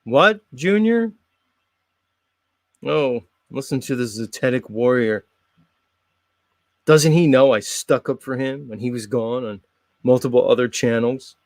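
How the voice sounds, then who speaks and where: A man's voice: medium pitch, a little slow, pauses often, no echo, close to an everyday voice. A man voicing a sulking, angry, drinking middle-aged father who grumbles and swears. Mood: defensive.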